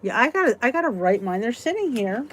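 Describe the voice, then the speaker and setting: A woman's voice: on the high side, very animated, slight background noise. A woman hosting a live weight-loss support chat, talking casually, reading out viewers' comments and venting with a laugh. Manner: chatty, exclaiming, quick to vent and laugh.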